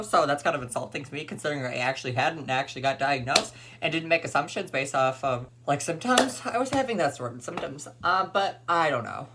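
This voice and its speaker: A man's voice: fairly high pitch, background noise. A young man ranting to the camera in a vlog, emphatic and opinionated, repeating his points. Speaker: vlogger.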